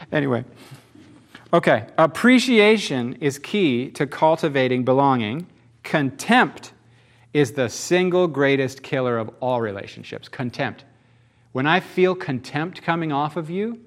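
A man's voice: fairly high pitch, lively intonation, moderate pace. A man preaching a sermon in a folksy, conversational way, often asking the congregation rhetorical questions. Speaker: pastor.

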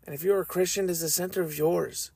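Male podcast host, earnest faith commentary, slightly raised pitch, dry close sound. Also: steady tone, vocal fry, darkish tone, husky, dry recording. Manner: earnest, measured, reflective. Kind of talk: faith commentary and scripture reading.

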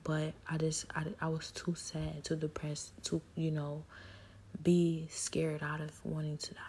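A woman telling a personal spiritual testimony in an intimate, halting way, often sinking into a near whisper. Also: sits low, completely flat delivery, warm tone, a little hiss or hum. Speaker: speaker sharing her story.

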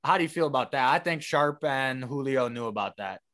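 A man's voice: mid-range voice, animated, fairly quick, sharp tone. A man co-hosting a casual sports talk show, often restarting his sentences as he thinks aloud. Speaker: podcast co-host.

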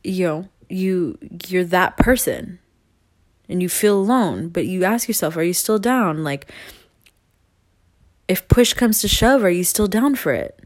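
A woman's voice: lowish voice, expressive, measured pace, dry recording, clean studio sound. A young woman talking straight to her viewers in a rambling, earnest way, laughing often and swearing casually. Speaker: vlogger.

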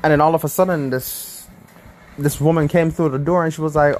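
A young man casually telling a story to his viewers, animated, laughing often and restarting his sentences. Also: a little high, brisk, a little hiss or hum. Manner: animated, laughing, self-correcting. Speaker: vlogger.

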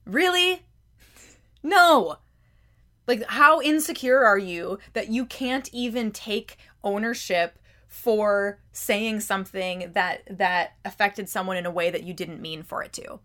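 A woman's voice: medium pitch, slow pace, a bit bright. Emphatic woman podcast host. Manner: emphatic, challenging rhetorical questions; conversational, frequent word repeats. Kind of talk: self-help podcast monologue.

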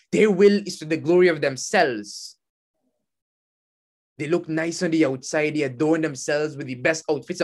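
A man preaching a sermon, with animated emphasis that swells and drops, often repeating himself. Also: a little high. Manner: animated, rising and falling emphasis, repeats and restarts.

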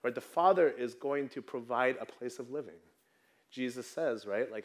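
A man's voice: mid-range voice, moderate pace. A man in his thirties preaching a sermon in a conversational way, often checking in with the congregation. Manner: conversational, tags lines with "right?". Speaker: pastor.

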